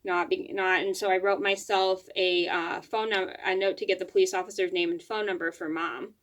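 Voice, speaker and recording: A woman's voice: fairly low pitch, steady tone, moderate pace, a bit bright. A woman vlogger telling a personal story to camera at home, rambling, with frequent restarts and fillers.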